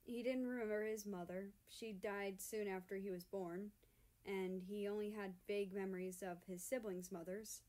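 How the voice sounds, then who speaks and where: A woman reading a fan-written story aloud in a soft, unhurried narration. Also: medium pitch, fairly even intonation. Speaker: fan fiction reader.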